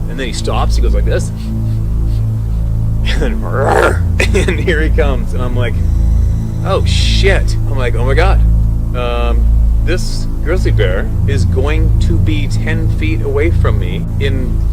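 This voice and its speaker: A man who works as a hunting guide, telling a story in a casual, animated way, swearing freely and acting out what people said. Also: mid-range voice. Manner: animated, swears freely, acts out quotes, laughs mid-story.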